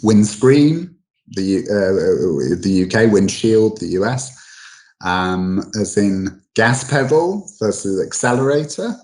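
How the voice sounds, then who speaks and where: Deep-voiced man explaining in halting speech. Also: very animated, darkish tone, rough recording. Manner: halting, full of restarts and fillers. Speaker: guest expert on English dialects. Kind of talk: casual explanatory chat.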